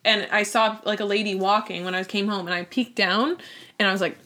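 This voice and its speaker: Fast-talking young woman. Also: medium pitch, fairly even intonation, bright, forceful tone. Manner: chatty, quick back-and-forth. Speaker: podcast co-host. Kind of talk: casual chat.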